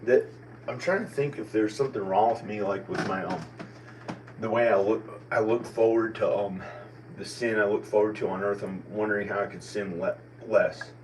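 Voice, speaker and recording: A man's voice: lowish voice, fairly even intonation, moderate pace, darkish tone. A man in his forties with an American country accent, musing in a meandering, self-questioning monologue full of restarts. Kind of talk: rambling personal monologue. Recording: distant mic with faint background noise.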